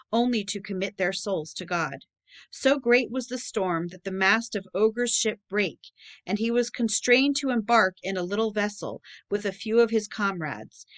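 A woman reads an old legend aloud as an audiobook narrator. Her delivery is steady and measured, at a middle pitch for a woman. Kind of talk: reading a public-domain book aloud.

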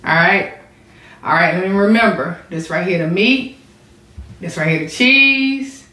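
A woman's voice: on the low side, a little slow, sharp tone. Chatty woman vlogger, echoey room. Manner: chatty, addresses viewers as y'all. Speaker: mukbang vlogger. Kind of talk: casual chat to camera.

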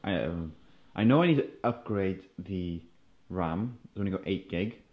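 A man's voice: sits low, animated, moderate pace, lo-fi sound. A man casually showing off his gaming setup in his room at home, talking in a laid-back, rambling way. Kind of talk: casual show-and-tell.

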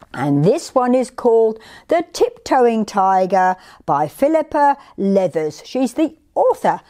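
A woman's voice: mid-range voice, mellow. A woman presenting a children's storytime, singing along and reading a picture book with dramatic whispers. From Australia.

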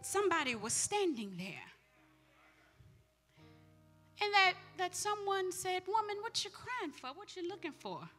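A woman preaching a live sermon in church, shouting fervent declarations and prayers. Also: extremely high pitch, sing-song, measured pace, long pauses, big-room sound, faint music behind.

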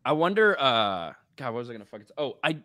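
A man's voice: mid-range voice, big pitch swings, fast, pushed and bright. A man on a panel show groping for words and asking questions, swearing casually. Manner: searching for words, profane, questioning.

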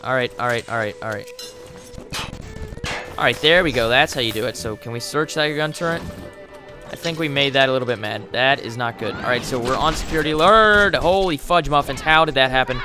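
A man giving casual let's play commentary, excitable and quick with exclamations as he plays. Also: medium pitch. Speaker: gamer. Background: game music.

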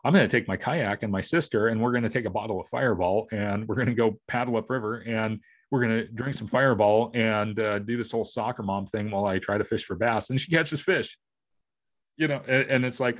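A middle-aged man with a voice on the low side co-hosts a podcast, talking fairly quickly in a loose, casual way. He wanders off topic, restarts frequently, and voices quotes from his family.

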